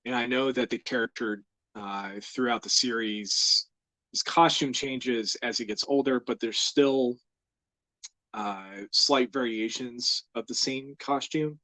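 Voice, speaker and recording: A man's voice: medium pitch, unhurried, dry recording. Easygoing young American man streaming live. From United States. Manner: rambling and easygoing, with many fillers and soft laughs. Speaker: host of a live drawing stream. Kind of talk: casual live-stream chat.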